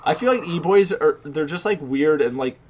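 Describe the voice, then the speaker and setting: A man's voice: fairly high pitch, lively intonation, moderate pace, a little mellow, a little hiss or hum. A man co-hosting a podcast in casual chat, rambling and leaning heavily on filler words. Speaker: podcast co-host.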